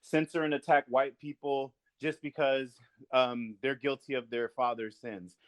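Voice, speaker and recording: A man's voice: mid-range voice, level tone, measured pace, no room sound. A man hosting a podcast in casual discussion, earnest and building his points through repetition. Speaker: podcast host.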